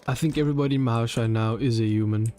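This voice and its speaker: A man in casual gameplay commentary, reacting emotionally and with slang as he plays. His voice is mellow and middle-pitched. Soft music plays faintly beneath him. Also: fairly even intonation, very fast. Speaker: gamer.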